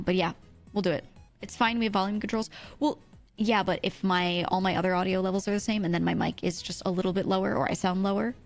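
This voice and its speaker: A woman livestreamer chatting casually with viewers, keeping her voice soft and low because her throat is a little scratchy. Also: gravelly. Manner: deliberately speaking softer and lower, chatty. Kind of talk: casual chat with stream viewers.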